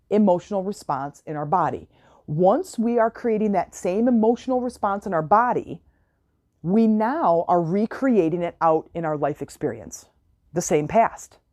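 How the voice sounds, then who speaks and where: A woman with a lowish, mellow voice delivers a casual coaching monologue on her self-help podcast. She talks in an earnest, chatty way, restating her ideas and often asking if the listener is with her.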